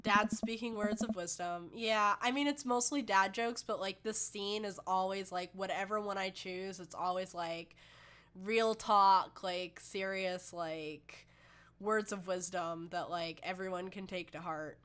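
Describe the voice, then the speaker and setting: A woman's voice: medium pitch, a little slow, clean tone. A woman playing a story game, crying and chatting emotionally as she comments. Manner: emotional, laughing through tears, chatty. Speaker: let's play streamer. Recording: loud background noise.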